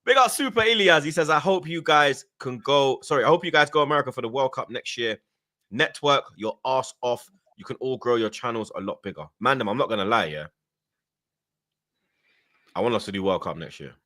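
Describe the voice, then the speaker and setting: Talking a little fast in a mid-range voice, a young fan channel host reads out chat on a casual stream. His storytelling is animated and slangy, full of laughter and mimicked voices.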